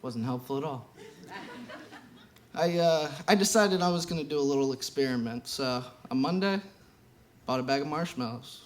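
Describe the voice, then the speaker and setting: A young man doing a stand-up routine on a theater stage with a deadpan, halting delivery full of pauses. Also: mid-range voice. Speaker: stand-up comedian. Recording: noisy live room recording.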